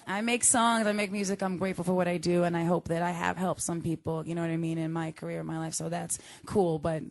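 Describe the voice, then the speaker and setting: A woman's voice: fairly low pitch, flat delivery, fast talker, vocal fry. A woman in her thirties, a guest singer talking casually in a radio studio interview, laughing often and full of "like" and "you know". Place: radio studio with a live audience.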